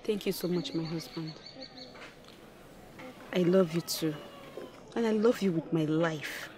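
An actress with a Nigerian accent playing a sharp-tongued, scheming young wife in a film, taunting and scornful. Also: female voice, fairly low pitch, measured pace, background noise, close to an everyday voice. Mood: tender. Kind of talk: Nollywood film acting.

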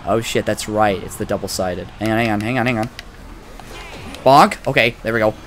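A young man giving casual, profane let's-play commentary, excitable and trash-talking the game as he plays. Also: on the low side, brisk, a little hiss or hum. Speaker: gaming commentator.

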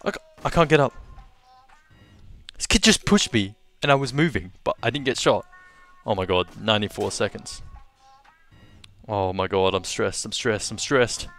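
A young man with an Australian accent giving excitable let's-play commentary, gasping and repeating his exclamations. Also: fairly low pitch, moderate pace, long pauses, faint music behind. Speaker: gaming video host.

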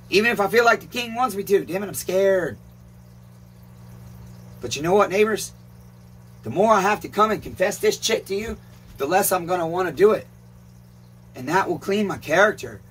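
A man's voice: high voice, fairly bright tone, slight background noise. A man who runs a repair shop, talking in a rambling casual vlog, emphatic and swearing often. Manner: emphatic, swears often, calls viewers "neighbors". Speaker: chainsaw repair shop owner and channel host.

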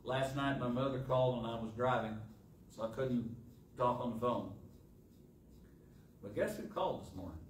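A middle-aged man preaching a sermon in a church, asking rhetorical questions and pausing for effect. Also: medium pitch. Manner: rhetorical questions with dramatic pauses. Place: church sanctuary. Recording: echoey church, distant mic, faint hiss.

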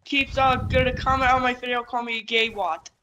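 Excitable gamer girl, high voice, giggly, game noise in the back. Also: normal speed. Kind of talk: casual gaming chat.

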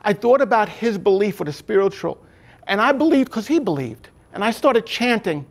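A man's voice: high voice, lively intonation, moderate pace, vocal fry. A middle-aged man, a former corrections officer, earnestly telling his life story in an interview and acting out the voices of the people in it.

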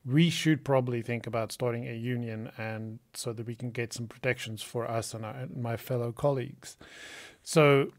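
A man's voice: medium pitch, steady tone, moderate pace. A man hosting a podcast, asking long, rambling questions with many restarts. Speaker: podcast host. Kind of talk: casual interview talk.

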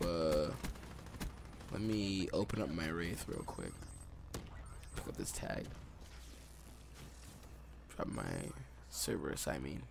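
A young man giving excitable live commentary over his own video game play, recorded on a desktop microphone at home. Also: on the low side, vocal fry, slight background noise. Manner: excitable, reacts aloud to the game. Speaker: gaming YouTuber. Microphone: desktop USB mic.

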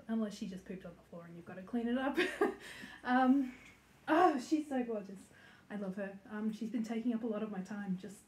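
In an echoey room with faint noise, a woman with a medium-pitched, darkish voice hosts a casual cross-stitch vlog, speaking to camera from her home stitching room as a flosstube host. She comes across chatty and giggly, using many ums and likes.

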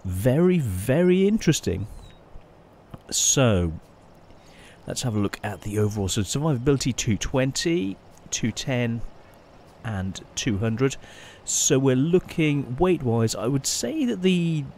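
A man giving casual, chatty gameplay commentary as a channel host, often pausing and restarting his sentences. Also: medium pitch, sing-song, darkish tone, slight background noise. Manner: chatty, halting, many restarts and fillers.

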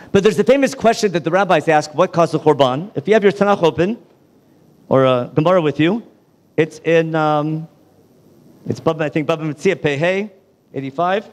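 A man, a rabbi, giving a lively Bible lecture in a college hall, quizzing the audience and tossing off quick asides. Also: sits high.

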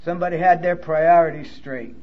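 Man with a New York accent, high voice, candid emotional testimony, blunt profanity, dull lo-fi conference recording. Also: steady tone, a little fast. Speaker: recovery speaker. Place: conference hall.

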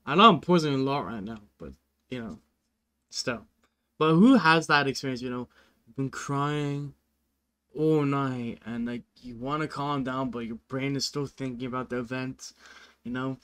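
A man's voice: mid-range voice, unhurried, a bit bright, clean tone. A man hosting a music reaction video, chatting casually and earnestly, rambling with lots of "like" and "you know".

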